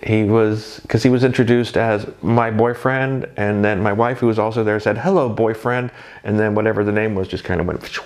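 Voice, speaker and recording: Man, lowish voice, casual rambling monologue, self-deprecating, chatty. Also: steady tone, brisk, hardly any pauses. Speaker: drag performer reflecting on first night.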